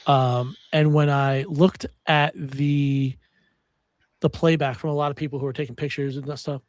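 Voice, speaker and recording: A young man hosting a podcast, chatting casually and telling animated stories with some swearing. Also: a little high, moderate pace, no echo. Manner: animated storyteller, swears freely. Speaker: podcast host. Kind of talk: casual chat.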